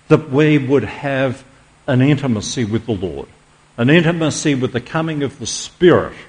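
A middle-aged man preaching a sermon as pastor, emphatic, slowing down for dramatic stress and asking rhetorical questions. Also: medium pitch.

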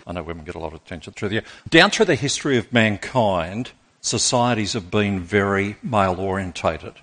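Male pastor, lowish voice, preaching a lively sermon to a church auditorium. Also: fairly quick. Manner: rousing, draws in congregation.

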